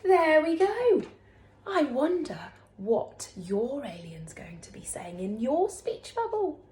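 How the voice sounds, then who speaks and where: A woman teacher speaks slowly to very young children, her fairly high voice swooping up and down in a patient, encouraging sing-song. She sounds as if recorded in an echoey room. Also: sing-song, darkish tone. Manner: slow, sing-song, encouraging teacher talk with big pitch swings. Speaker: primary school teacher.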